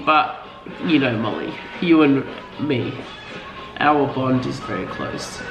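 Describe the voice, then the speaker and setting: In a rumbling low, sing-song voice, a woman chats casually and slowly, laughing often and growing emotional as she thanks her family. The room is echoey, with music playing behind her.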